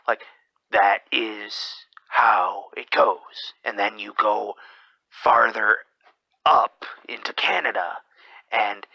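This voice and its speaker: A man with a gravelly, fried voice drifts through a brooding monologue at a very slow pace, often sinking into whispers partway through a sentence. His tone is sharp and tense rather than soft. The sound is dry and close. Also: lowish voice, no echo, low-quality recording. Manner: slips into whispers mid-sentence; rambling, hesitant delivery. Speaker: podcast host.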